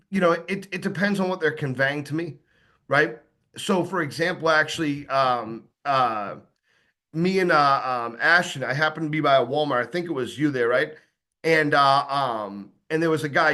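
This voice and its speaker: A man's voice: on the high side, bright, forceful tone. A man giving a casual sales training talk, acting out sample lines of dialogue, with plenty of fillers and restarts. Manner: conversational, acts out sample dialogue, many fillers.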